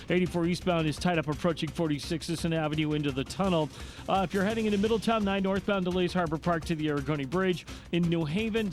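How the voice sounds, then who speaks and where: Give me a fast, high-pitched man rattling off traffic on the radio. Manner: brisk, jokey with the host. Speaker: traffic reporter.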